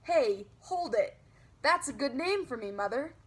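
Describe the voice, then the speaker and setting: A woman's voice: sits high, lively intonation, measured pace, slightly rough, voice pushed up, exaggerated voice. Little girl, first grader, bouncy and shrieky, woman doing the voice. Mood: excited.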